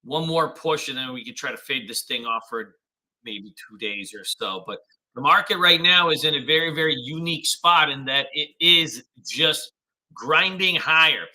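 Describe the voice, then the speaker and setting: A man's voice: fairly high pitch, animated, moderate pace, bright, forceful tone, rough recording. A man hosting a live trading stream, greeting viewers with upbeat slang and walking through charts in casual commentary.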